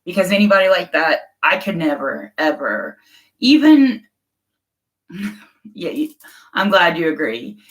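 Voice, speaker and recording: A middle-aged woman speaks casually into her phone or webcam on a livestream, answering viewers. Her voice sits a little low, and she is frank, outspoken and openly emotional, often laughing between thoughts. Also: big pitch swings, unhurried, long pauses, rough recording. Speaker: livestream host chatting with viewers.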